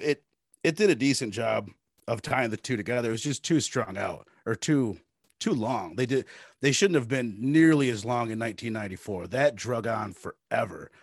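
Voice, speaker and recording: A man's voice: mid-range voice, gravelly, dry recording, clean studio sound. A man from the United States giving laid-back, opinionated takes in a casual film chat over a remote call.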